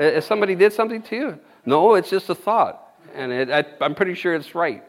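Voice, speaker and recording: A man preaching an informal sermon, rambling and folksy, with frequent amens and chuckles. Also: sits high.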